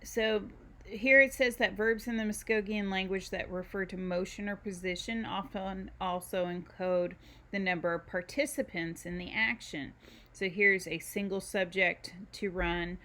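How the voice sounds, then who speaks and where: A woman teaching a recorded university lecture, explaining slowly with frequent ums and pauses while walking through a document. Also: fairly low pitch, a bit bright. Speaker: university instructor. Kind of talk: recorded screen-share lecture.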